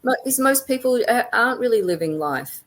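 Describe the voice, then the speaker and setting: A woman's voice: a little high, lively intonation, fairly quick, fairly bright tone. A woman author speaking as a guest in a casual interview, reflective, often trailing off and restarting her thoughts.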